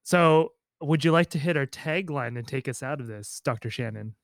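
A woman's voice: very deep voice, normal speed, no room sound. A woman co-hosting a podcast in a studio, chiming in briefly and reading the outro. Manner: brief interjections, upbeat outro reads. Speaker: podcast co-host. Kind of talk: casual podcast chat.

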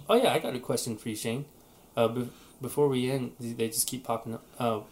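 A man co-hosting a relaxed podcast, telling a story in loose, rambling sentences that he often restarts. His voice sits at a middle pitch. A faint noise hums under the recording. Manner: rambling, frequent restarts and fillers. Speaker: podcast co-host. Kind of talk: casual chat.

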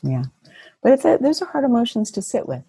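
Woman guest, lively storyteller, husky voice, dry close mic, laughs a lot. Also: on the high side, fairly quick, no room sound. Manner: animated storyteller, laughs often, acts out her own thoughts. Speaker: guest coach. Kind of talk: casual podcast conversation.

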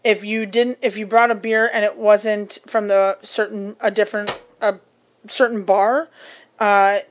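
A woman's voice: mid-range voice, level tone, unhurried. A young woman chatting casually, telling rambling restaurant stories with swearing and lots of fillers. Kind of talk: casual podcast chat.

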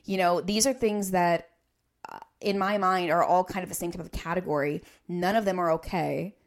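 Low-voiced woman podcast host. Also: steady tone, normal speed. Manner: earnest, explanatory, builds careful arguments. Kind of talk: casual podcast discussion.

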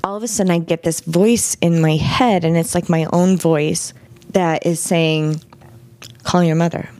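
Low-voiced woman telling her story frankly. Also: normal speed, no room sound. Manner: frank, animated, vivid retelling with quoted dialogue. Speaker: interview guest. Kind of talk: candid personal storytelling.

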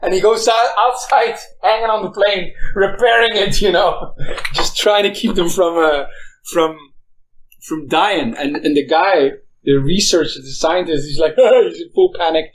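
A man's voice: sits high, unhurried, a bit bright, low-quality recording. A man in a casual chat, telling a story animatedly and laughing often. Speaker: conversation partner.

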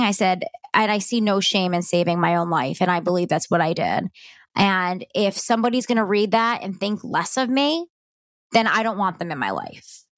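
A woman's voice: lowish voice, fairly bright tone, no echo, clean studio sound. A middle-aged woman hosting a podcast, telling a personal story in a candid, heartfelt, conversational way. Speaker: podcast host.

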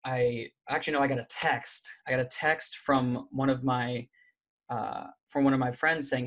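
A man as an interview guest, telling a personal story candidly, with halting speech and many restarts. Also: medium pitch, steady tone, a bit bright.

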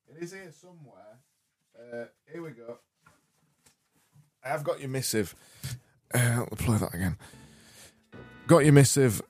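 A man's voice: mid-range voice, mellow, no echo. A man hosting a podcast, rambling and interrupting himself through jokey banter and a spoof advert. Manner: rambling, self-interrupting, joking. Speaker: podcast host.

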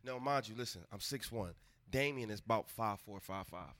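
A man's voice: on the low side, moderate pace. A man co-hosting a casual podcast chat, telling a story with lots of laughs and acted-out quotes. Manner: animated, laughing storyteller who acts out quotes. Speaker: podcast host.

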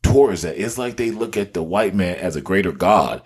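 Husky, animated man telling stories. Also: sits low, moderate pace. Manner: animated, emphatic storyteller. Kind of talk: casual discussion.

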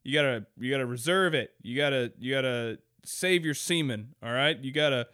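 Young male podcast host, solo, crude and rambling, clear voice, dry close sound. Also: mid-range voice, normal speed, pushed and bright, no room sound. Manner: rambling, crude, laughs often. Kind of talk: casual solo podcast chat.

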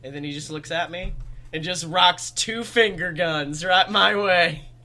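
A young man co-hosting a comedy podcast, telling animated, jokey stories and swearing freely in casual chat. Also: high-pitched, measured pace. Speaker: podcast co-host.

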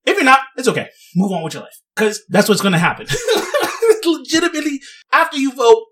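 A man's voice: very high voice, expressive, fast, a bit bright, far from the mic. A young man giving sarcastic, rambling casual commentary and laughing at his own jokes. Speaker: vlogger.

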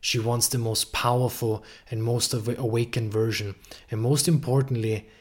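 A man's voice: mid-range voice, level tone, moderate pace. A man hosting a podcast, giving an earnest relationship-coaching monologue and swearing freely for emphasis.

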